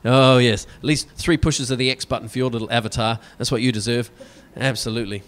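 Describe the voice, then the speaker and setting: A man from Scotland does stand-up comedy, sarcastic and animated, often ending his lines with "right?". His voice is medium-pitched and his delivery is brisk.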